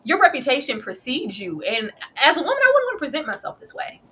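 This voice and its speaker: A woman hosting a casual chat show, talking in an animated, emphatic way full of slang. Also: high-pitched, fast. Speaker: host.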